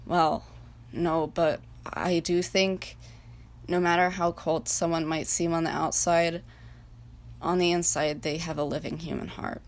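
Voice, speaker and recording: A woman's voice: on the low side, little pitch movement, a little slow. A woman voicing a shy, anxious young male figure who stammers, in a fan-made story reading. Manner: nervous, stammering.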